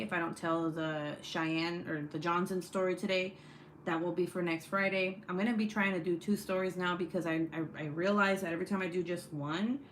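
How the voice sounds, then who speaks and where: A woman's voice: on the low side, fairly bright tone. Young woman, livestream host, chatty, swears a lot, reads chat, home room, faint hiss. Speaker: true crime livestream host. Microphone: desk setup, phone or webcam.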